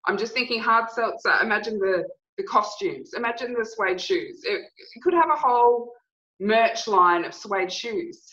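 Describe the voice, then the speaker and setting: A woman's voice: on the high side, animated, normal speed, fairly bright tone, dull audio. A woman interviewing an author, gushing with enthusiasm in a casual chat.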